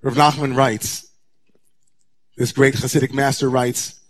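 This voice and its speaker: Male rabbi, mid-pitched voice, sermon delivery with dramatic hush-to-raised swings. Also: flat delivery, unhurried.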